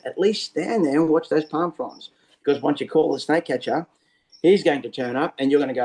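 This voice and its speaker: An Australian man, a snake catcher, explaining things over a video call in a lively storytelling way. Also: medium pitch, quick pace, low-quality recording. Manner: lively storyteller who acts out scenes. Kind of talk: casual explanatory interview talk.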